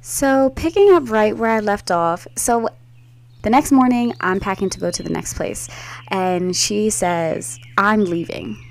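A woman telling a long story in a casual chatty way, acting out the quoted voices with big jumps in pitch and swearing freely. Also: animated, a little slow, gravelly, darkish tone. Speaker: storyteller recounting a trip.

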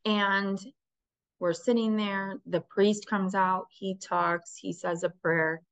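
A woman's voice: mid-range voice, fairly even intonation, takes it slowly, smooth, no echo. Candid woman telling a personal story. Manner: candid, conversational, acts out her own quoted thoughts. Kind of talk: casual storytelling.

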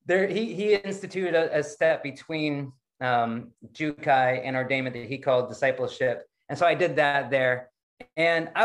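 A middle-aged man giving a casual, rambling dharma talk over a video call, self-deprecating and quick to laugh at himself. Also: fairly high pitch, fairly bright tone. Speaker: Zen practice leader giving a dharma talk.

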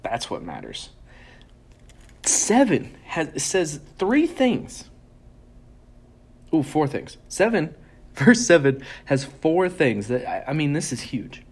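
Casting note: a man of ordinary pitch giving a relaxed, earnest devotional, slowing down to stress each scripture line. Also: breathy edge. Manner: earnest, reads verses slowly and with emphasis; conversational, chuckles and restarts. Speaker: devotional speaker. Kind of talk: casual Bible devotional talk.

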